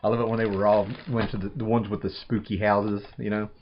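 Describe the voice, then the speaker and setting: Thirties man, casual unboxing vlogger, rambly and excited, low-pitched, muffled home recording. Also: fast talker, heavy background noise. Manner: rambling, enthusiastic, says "man" often.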